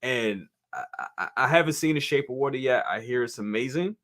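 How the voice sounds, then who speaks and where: A man hosts a live toy review stream in a casual, chatty way, with a middle-pitched voice that swings widely up and down. He is animated and talks directly to his viewers. He repeats phrases and laughs easily as he reacts to their comments. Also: brisk. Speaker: toy review show host.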